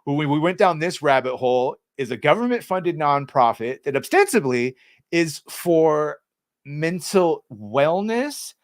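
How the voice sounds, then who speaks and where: A man's voice: a little high, big pitch swings, measured pace, no room sound. Sarcastic guy ranting on a podcast, swears a lot, dry close sound. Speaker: co-host. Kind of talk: casual podcast chat.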